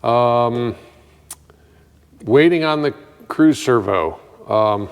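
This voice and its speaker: Slow-talking man in an echoey garage. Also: mid-range voice, animated, creaky, clear, resonant tone. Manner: rambling, thinks aloud with fillers; dry, self-mocking humor. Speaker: mechanic working on a customer's truck. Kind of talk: casual workshop walkthrough.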